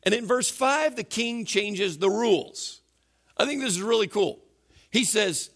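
A male pastor preaching in an animated, conversational sermon style. His voice is a little higher than most men's, with lots of gravelly fry, and his pitch swings widely as he talks. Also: a little slow.

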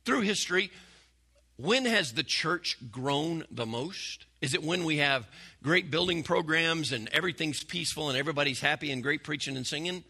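A man preaching a sermon to a church congregation, folksy and conversational, often dropping to a hush. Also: on the high side, expressive, moderate pace, slightly rough. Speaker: pastor.

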